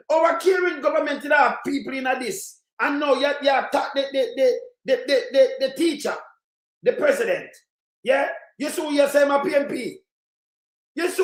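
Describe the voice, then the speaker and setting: A Jamaican man in heated live commentary, ranting and shouting in patois, circling back to the same complaints. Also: very high voice, reverberant. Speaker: livestream commentator.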